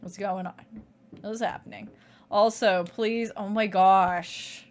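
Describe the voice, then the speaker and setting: Woman streamer, wry and sarcastic running commentary on a game, casual swearing, mid pitch. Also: steady tone, takes it slowly. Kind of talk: let's play commentary.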